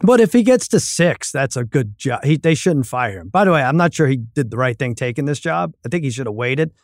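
A man's voice: mid-range voice, sing-song, fairly quick, no echo, clean studio sound. A man co-hosting a podcast, giving opinionated, chatty takes on football teams. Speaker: podcast co-host. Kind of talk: casual sports betting chat.

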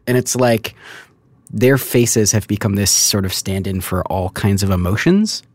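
A man's voice: fairly low pitch, unhurried, a little mellow, no room sound, studio quality. A man co-hosting a podcast, chatting casually and rambling with lots of filler words. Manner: rambling, many filler likes. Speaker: podcast co-host. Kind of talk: casual chat.

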